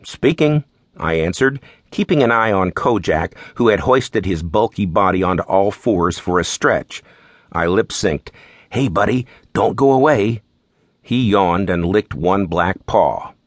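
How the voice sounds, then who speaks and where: Male narrator for a detective audiobook, low-ish voice, wry and easygoing, dry studio sound. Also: measured pace, dry recording. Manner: wry, relaxed storytelling. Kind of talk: first-person audiobook narration.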